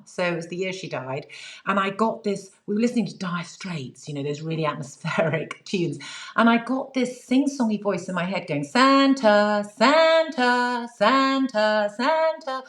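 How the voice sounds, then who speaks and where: A woman with a somewhat low voice tells a personal story as an interview guest. She sounds earnest and reflective, and her talk is loose and conversational, full of "you know" and small restarts. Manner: earnest, reflective, frequent fillers.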